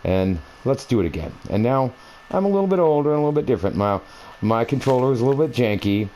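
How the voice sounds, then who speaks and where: A man with a deep, mellow voice talks casually over his console gameplay. He wanders from one thought to the next, full of fillers and restarts, and a faint hiss sits under the recording. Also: low-quality recording. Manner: meandering, conversational, many fillers and restarts. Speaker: gaming video creator. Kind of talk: rambling personal storytelling over gameplay. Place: at home, playing a console game.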